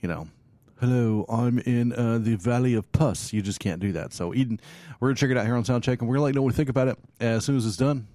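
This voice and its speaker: A man's voice: medium pitch, racing, dark tone, dry recording. A man hosting a casual metal review show, talking in a loose, rambling, jokey way with lots of fillers. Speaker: podcast host reviewing metal bands.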